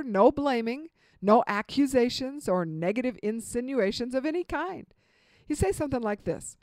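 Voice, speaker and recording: Lively, expressive woman giving marriage advice. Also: a little high, dry recording. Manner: expressive, emphatic, lively delivery with dramatic pauses; acts out example dialogue in vivid voices. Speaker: marriage relationship speaker. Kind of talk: spoken lecture on marriage advice.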